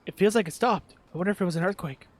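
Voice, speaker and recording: A man's voice: sits high, rapid-fire. A man giving casual let's-play commentary, sarcastic and muttering at the game. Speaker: gaming video host.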